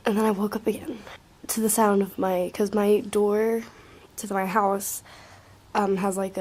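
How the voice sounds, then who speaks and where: A young woman tells a rambling story to her camera in a husky, mid-pitched voice. She peppers it with profanity and filler likes, and often sinks into a hushed near-whisper.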